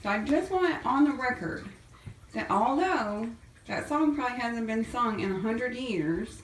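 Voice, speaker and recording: A woman's voice: on the high side, animated, normal speed, slight background noise, poor audio. A woman chatting casually as she films kittens in a foster room, often cooing and baby-talking to them. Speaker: cat fosterer filming a vlog. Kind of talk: casual vlog chat. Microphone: handheld camera.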